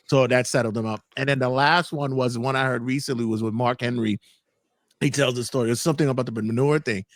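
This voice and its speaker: A male podcast host in casual chat, spinning stories with lively animation. His voice sits at an ordinary pitch, and the recording is close and dry. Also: fast talker, no echo. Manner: animated storyteller, laughs while telling.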